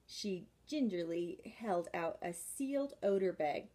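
A woman's voice: fairly low pitch, expressive, slow pace, few pauses, mellow. A woman reading a children's chapter book aloud, with chatty asides in between. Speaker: reader.

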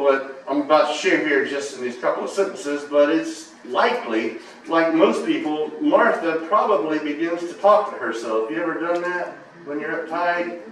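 A male pastor delivering a sermon as dramatic storytelling that swings between hushed and loud. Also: a little high, slight background noise. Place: church sanctuary. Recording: echoey church from a distance.

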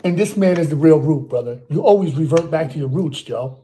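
A swaggering man, heard in a clip. His voice is high but dark in tone, and he talks in slang with faint noise behind him. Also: lively intonation, a little fast.

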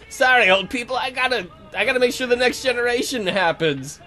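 A man's voice: very high voice, expressive, normal speed, bright, forceful tone, faint music behind. A man hosting a let's play, giving casual, jokey commentary and reacting aloud to the game.

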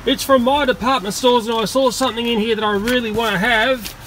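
An Australian man vlogging on a shopping trip, talking to the camera in an animated, indignant way. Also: very high-pitched, fairly quick, a little hiss or hum. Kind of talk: casual vlog, talking to camera. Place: shopping centre, car park and store.

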